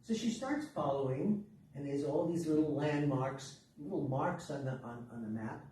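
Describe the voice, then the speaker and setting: A man telling a story to a workshop class in a lively, dramatic way. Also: a little high, normal speed. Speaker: workshop teacher. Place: workshop room. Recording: echoey room, distant mic, faint noise.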